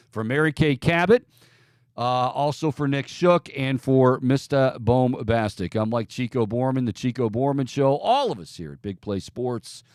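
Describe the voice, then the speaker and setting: A man's voice: mid-range voice, no echo. A man hosting a studio sports talk show, breaking down plays and rattling off upbeat plugs and a sign-off. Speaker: sports radio host.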